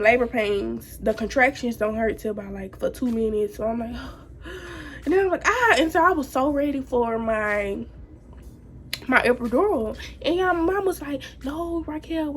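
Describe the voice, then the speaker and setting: A teenage girl tells a story to her viewers in a loose, slangy, chatty way. Her voice sits a little high, and faint noise hums behind her. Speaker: vlogger. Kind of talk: casual storytime chat.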